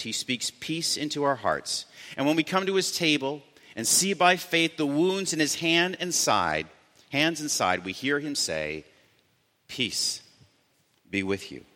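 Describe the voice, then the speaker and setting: A man preaching a sermon as pastor, earnest, slowing down to stress key words. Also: medium pitch, pushed and bright. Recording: long church reverb.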